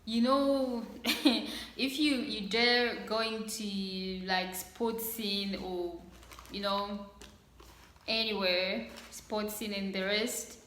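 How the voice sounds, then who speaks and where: Bubbly young woman, slow gushing talk. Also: medium pitch, fairly even intonation, a bit bright, echoey room, slight background noise, low-quality recording. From Congo. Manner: bubbly, gushing, laughs often. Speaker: vlogger. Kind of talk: casual unboxing chat.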